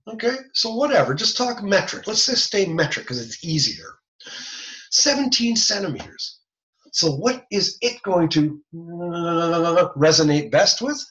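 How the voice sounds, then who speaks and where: A man lectures over a dull, lo-fi video call, his slightly high voice swinging up and down a lot. He explains things step by step, chatty and casual, throwing in joking asides. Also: a bit bright. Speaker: instructor. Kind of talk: online lecture.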